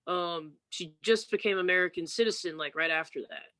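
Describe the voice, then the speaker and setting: A woman's voice: on the low side, a little fast, sharp tone, dry recording. A woman guest musician chatting casually on a podcast, telling candid, loose stories and mimicking people.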